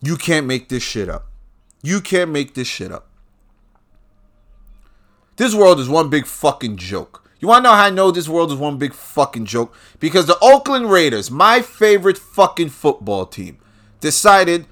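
A man delivering a profane political rant, swinging between low muttering and loud outbursts. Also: big pitch swings, normal speed.

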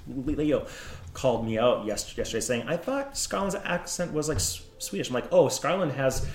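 A man running a tabletop game, giving a grave in-character briefing with halting restarts. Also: mid-range voice, soft background music. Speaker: game master. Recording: echoey room.

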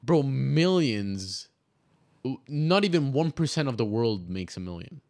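A young man talks in a relaxed podcast conversation. He repeats himself and restarts while he looks for his point. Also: mid-range voice, measured pace. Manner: stumbling restarts, says "bro". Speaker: podcast co-host. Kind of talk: casual chat.

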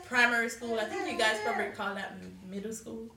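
A woman's voice: fairly high pitch, steady tone, fast. A woman from Jamaica with a Jamaican accent, an actress talking easily about her background as a podcast guest. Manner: easygoing, telling her background. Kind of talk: casual interview chat. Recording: roomy, distant mic with faint noise.

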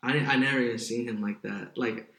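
A man's voice: mid-range voice, steady tone, fairly quick, a bit bright. Laid-back young man, echoey room. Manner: laid-back, slangy, lots of fillers and "like". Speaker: podcast guest. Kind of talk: casual chat.

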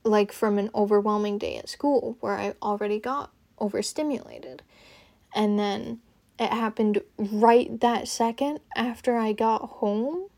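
A young woman hosting her own podcast, rambling casually and haltingly, with lots of "like" fillers. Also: mid-range voice, darkish tone. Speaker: podcast host.

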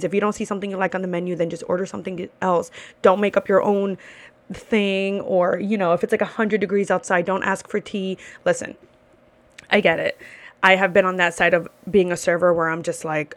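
A woman's voice: mid-range voice, normal speed. A woman hosting a podcast in a casual ranting monologue, blunt, swearing freely and repeating herself for emphasis. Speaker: podcast host.

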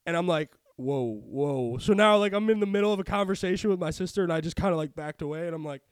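Male podcast host, high voice, profane and animated, dry booth. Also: quick pace, clean tone, no echo. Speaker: sports betting podcast host. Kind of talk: casual chat.

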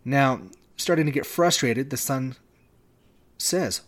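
A man hosting a devotional podcast, speaking in a measured way with long pauses. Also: medium pitch. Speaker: podcast host. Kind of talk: devotional talk.

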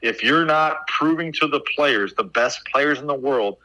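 Bright-voiced male basketball coach, chatty. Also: medium pitch, measured pace, low-quality recording. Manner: animated storyteller, many "like" and "right?" fillers. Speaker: basketball assistant coach, guest. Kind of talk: casual storytelling interview.

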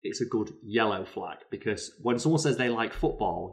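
A British man co-hosting a casual chat, telling stories in an animated way with lots of fillers. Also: lowish voice, moderate pace, hardly any pauses. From Britain. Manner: animated storyteller, many fillers. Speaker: podcast co-host.

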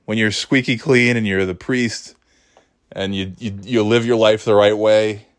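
A man's voice: on the low side, steady tone, unhurried. A man in his thirties telling a story in a casual podcast chat, rambling with restarts, swearing and laughing at his own jokes. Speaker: podcast host.

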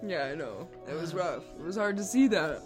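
A woman's voice: lowish voice, lively intonation, fairly quick, over music. A woman co-hosting a podcast, telling stories in a blunt, profane, laughing chat. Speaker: podcast co-host. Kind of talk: casual chat.

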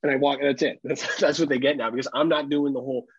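Casual podcast host, husky young guy, cusses a lot, muffled close mic. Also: mid-range voice, fast. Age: young adult. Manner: profane, animated, acts out exaggerated voices. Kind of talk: casual comedic chat.

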